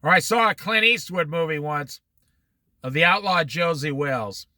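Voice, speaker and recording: A middle-aged man teaching an informal Bible study, telling stories with lively quoted voices. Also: a little high, normal speed, no room sound. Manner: animated storytelling with quoted voices.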